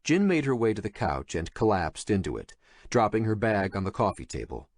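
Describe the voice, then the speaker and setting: A male narrator reading a thriller audiobook in a measured, expressive storytelling manner. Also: fairly low pitch, no room sound, studio quality. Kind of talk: scripted horror thriller narration.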